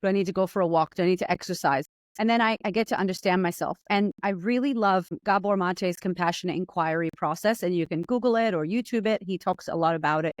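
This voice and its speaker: A woman guest on a podcast, talking fast and acting out her own inner voice as she tells stories. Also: on the low side, no room sound, studio quality. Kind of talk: animated conversational storytelling.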